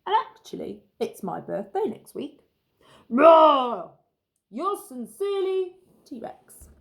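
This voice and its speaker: Bragging storybook T-Rex, big and loud, read by a woman; slow, lively lines. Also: high voice, creaky, pitched above the performer's own voice, full character voice. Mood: boastful. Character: boastful male T-Rex, huge and blustering. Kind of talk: children's story reading.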